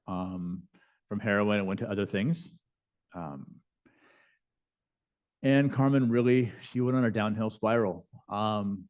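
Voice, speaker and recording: A man with a lowish voice tells stories from his chaplain work during a lecture. He speaks conversationally, with many fillers and false starts. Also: darkish tone. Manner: conversational, with frequent fillers and restarts. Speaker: bishop and chaplain. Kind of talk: lecture storytelling. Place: lecture hall.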